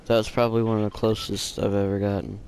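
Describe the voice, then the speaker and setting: The gaming host talks fast here, his fairly low voice flat and darkish, with a little hiss or hum behind it. His casual storytime rambles, heavy on fillers and restarts.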